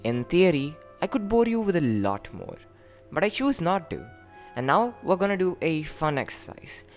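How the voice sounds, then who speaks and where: A man casually and playfully explaining his invented language, joking and jumping up in pitch for emphasis. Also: moderate pace, faint music behind. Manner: jokey, animated, with sudden lifts in pitch.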